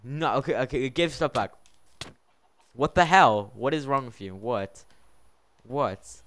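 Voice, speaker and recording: A man's voice: mid-range voice, a little slow, a bit bright. Male streamer refereeing a game server: exasperated, scolds players, breaks into laughs, mid-range voice. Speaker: livestreamer running a Minecraft server. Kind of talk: casual live-stream commentary.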